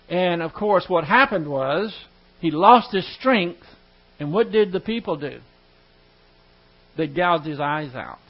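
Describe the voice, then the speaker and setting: A man teaching a Bible lesson in a chatty, joking way, reading scripture aloud and adding asides. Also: high voice. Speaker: preacher. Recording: dull lo-fi recording with mains hum.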